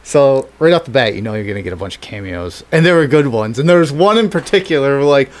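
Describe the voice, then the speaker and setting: A man co-hosting a casual chat, telling a story with lots of swearing, laughter and excited reactions. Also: medium pitch, fast. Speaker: podcast co-host.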